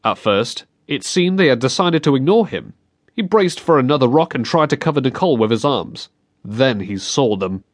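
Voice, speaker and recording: A man reading a novel aloud as an audiobook narrator, in measured, expressive storytelling. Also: mid-range voice. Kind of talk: scripted narration. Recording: dry close studio sound.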